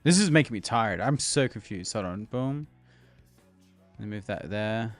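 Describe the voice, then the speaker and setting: A young Australian man talks loosely to his stream audience in an expressive, lowish voice at a moderate pace. Laughter comes often, viewers get greeted by name, and faint music plays.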